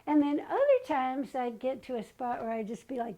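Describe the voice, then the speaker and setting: Older woman with a high gravelly voice. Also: normal speed, hardly any pauses, dark tone, poor audio. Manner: chatty, acts out remembered dialogue. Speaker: guest. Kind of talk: personal storytelling.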